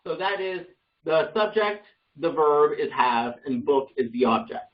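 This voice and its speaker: A man's voice: a little high, animated, measured pace, far from the mic, muffled recording. A man leading an online Bible study class, explaining grammar casually with many fillers and self-corrections.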